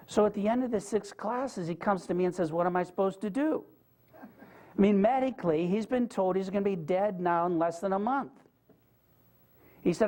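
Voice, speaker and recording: An earnest guest speaker with a high-pitched, darkish male voice tells stories in a conversational lecture, addressing the live audience in the lecture room directly and asking them questions.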